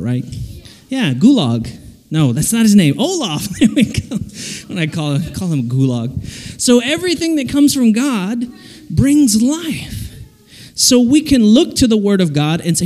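A man giving a playful, animated children's sermon in a camp dining hall, full of jokes and sound effects. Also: fairly high pitch. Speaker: children's speaker.

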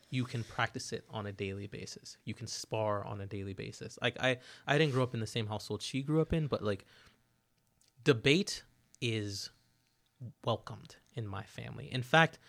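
A man talking in a casual podcast chat, emphatic and animated, who keeps checking in with "right?". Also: fairly low pitch, moderate pace, gravelly. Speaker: podcast host.

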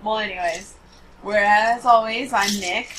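A woman's voice: medium pitch, unhurried, noisy background. A woman co-hosting a podcast in casual chat, joking and playfully dramatic. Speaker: podcast co-host.

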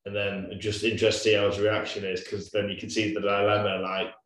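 A man, a father, talking loosely about parenting in a relaxed chat. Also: on the low side, brisk. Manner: relaxed, loose, many fillers. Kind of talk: casual chat. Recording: very echoey, off-mic.

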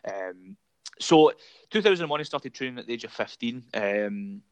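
A man's voice: medium pitch, animated, moderate pace, clear, resonant tone, dry recording. A Scottish man hosting a casual chat, rambling with many fillers and frequent laughs. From Scotland. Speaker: podcast host.

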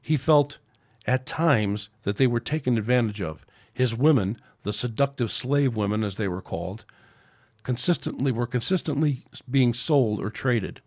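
A podcast host reads his own fiction aloud in an ordinary, medium-pitched voice at normal speed. His delivery is steady and plain with small slips, and the sound is dry and close with no room sound.

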